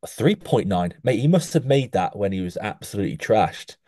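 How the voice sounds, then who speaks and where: A young man with a very deep, mellow voice chats casually as a podcast co-host and coaches in an animated way, ending nearly every line with "mate". The recording is dry and close, with no room sound. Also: brisk, dry recording. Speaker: podcast co-host rating physiques. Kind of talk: casual chat. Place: podcast studio.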